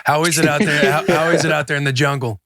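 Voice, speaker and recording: A man's voice: fairly high pitch, steady tone, bright, forceful tone. A man co-hosting a podcast, chatting casually and teasing his guest. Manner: teasing, quick to laugh. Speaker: podcast co-host. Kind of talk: casual chat.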